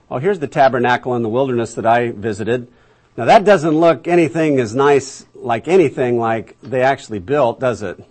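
Husky guy leading a bible class, chatty, lots of isn't it and did you get that, restarts a lot. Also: medium pitch. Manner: asks the class rhetorical questions, repeats words as he restarts. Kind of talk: conversational Bible lesson.

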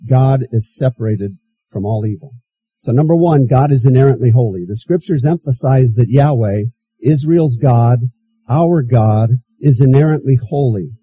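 Dark, husky-voiced male pastor preaching. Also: medium pitch, moderate pace, low-quality recording. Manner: preaching with scripture readings, repeats key phrases. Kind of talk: sermon.

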